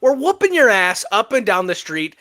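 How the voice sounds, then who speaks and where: A man with a fairly high, bright voice opens and runs a casual sports podcast. He jokes and trash-talks with real emphasis, then moves on to the news. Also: normal speed. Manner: animated, joking, emphatic trash talk. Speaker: podcast co-host.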